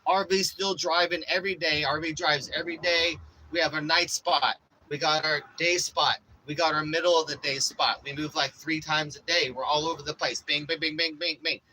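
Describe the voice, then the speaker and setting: Bright-voiced man rambling to his phone. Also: fairly even intonation, normal speed, slight background noise, low-quality recording. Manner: rambling, profane, swings between loud hype and low mumbling. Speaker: RV-living vlogger. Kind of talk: casual livestream chat to viewers. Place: outdoors around an RV by the beach.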